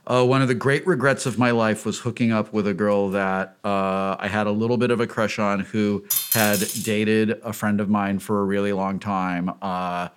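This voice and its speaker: A man's voice: lowish voice, steady tone, normal speed, few pauses, clear, resonant tone. Male actor guest, casual chat, hesitant, self-mocking. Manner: self-deprecating, hesitant with many restarts.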